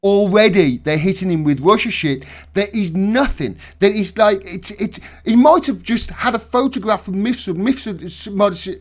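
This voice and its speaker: High, animated man. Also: normal speed, hardly any pauses. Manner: excitable, profane, stammering restarts. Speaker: host. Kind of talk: casual political chat.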